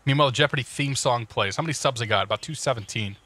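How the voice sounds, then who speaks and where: A man's voice: mid-range voice, fast, pushed and bright, no echo. A man casually talking through cockpit checklists on a live stream, joking and greeting chat viewers as he goes. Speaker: flight sim streamer.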